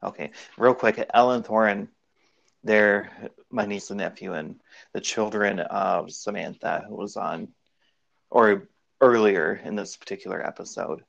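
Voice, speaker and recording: Speaking a little slowly in a low, creaky voice, this man hosts a podcast and wanders through shared memories in easygoing conversation. The recording is lo-fi.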